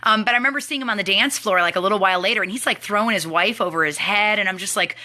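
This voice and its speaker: A woman's voice: mid-range voice, rapid-fire. A young woman chatting animatedly as she hosts a live team training stream. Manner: chatty and animated, talks to viewers. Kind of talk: casual live-stream chat.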